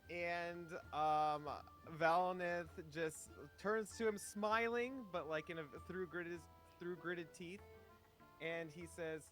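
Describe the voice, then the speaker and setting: Man, tabletop player, relaxed and chatty, slightly higher voice, faint music. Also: slow. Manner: relaxed, chatty describing of actions. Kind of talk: tabletop game play.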